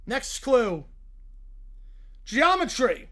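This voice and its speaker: A male game-show host reads out clues in a steady announcer's delivery, as a man puts him on. He keeps a polished, presenting tone throughout. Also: very high voice, extremely slow, pitched above the performer's own voice, exaggerated voice. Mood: announcing. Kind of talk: reading a fan script aloud with voices.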